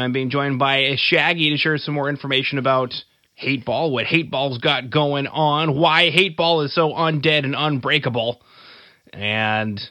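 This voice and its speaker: A man's voice: mid-range voice, bright, forceful tone, no room sound. A man from Canada hosting a podcast interview, upbeat and jokey, laughing often. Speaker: podcast host. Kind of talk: casual interview chat.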